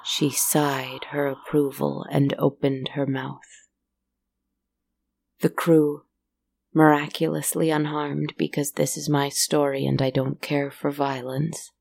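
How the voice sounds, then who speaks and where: Slow, creaky-voiced woman storyteller. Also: low voice. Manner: calm, slow and measured. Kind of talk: storybook narration.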